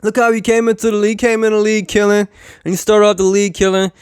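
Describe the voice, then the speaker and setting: A man's voice: sits high, level tone, fast, clear, resonant tone, dry recording, studio quality. A young adult man ranting about sports as a YouTube commentator, casual, sarcastic and profane, repeating phrases for emphasis.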